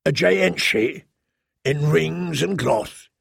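A man voicing a stern, menacing male commander who booms his threats and speaks with contempt. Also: slow pace, vocal fry, a bit bright, slightly rough, no room sound, clean studio sound, heavily acted.

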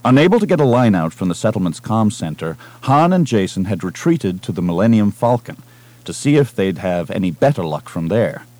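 A man narrating a science-fiction novel as an audiobook reader, with a measured, dramatic delivery. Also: lowish voice, big pitch swings, mellow, no room sound. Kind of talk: scripted narration.

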